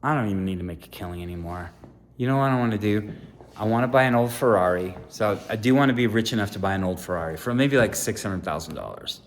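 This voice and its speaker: A man in his fifties, a contractor, swearing constantly in a personal rant to camera, swinging from loud outbursts to quiet musing. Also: fairly low pitch, fast, slight background noise. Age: 50s. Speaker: contractor and aspiring sandwich maker.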